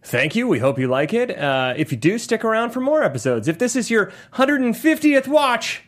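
Loud excitable male podcast host. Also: sits high, normal speed. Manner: loud, excitable, yells into the mic. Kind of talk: comedic podcast chat. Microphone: studio microphone.

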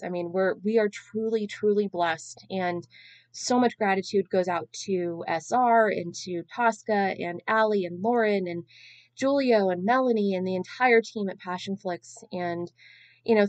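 Hosting a podcast on her own, a woman in her thirties tells a long-winded, self-deprecating story in a casual, chatty manner. Her voice is mid-range with a darkish tone, and the recording is dry.

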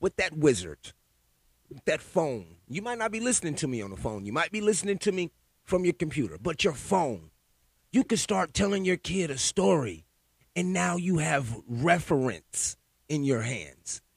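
A man's voice: on the high side, very animated, normal speed, husky, no room sound. A man ranting alone in a heated, profane, conspiratorial way, repeating himself and building up steam. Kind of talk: profane solo rant.

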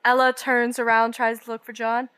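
A woman player narrates and voices her character in a tabletop game, talking fast with animated bursts. Her voice sits a little high and sounds dry and close to the mic. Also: clean tone, dry recording.

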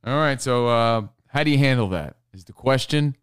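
A man co-hosts a podcast, joking through banter and slipping into mock voices of others. His voice is of middle pitch but moves about a great deal. The recording is close and dry. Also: lively intonation, moderate pace, smooth, no room sound. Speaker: podcast co-host. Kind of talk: casual chat.

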